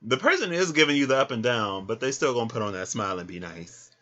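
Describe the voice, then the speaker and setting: A man giving a casual tarot reading, chatty and animated, who laughs often and acts out little scenes. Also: medium pitch, quick pace, highs cut off. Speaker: tarot reader.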